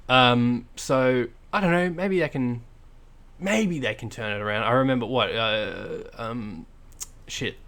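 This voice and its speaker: A man's voice: mid-range voice, a little slow, fairly bright tone. A man co-hosting a podcast in casual chat, blunt and sarcastic, rambling with lots of fillers and restarts. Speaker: podcast co-host.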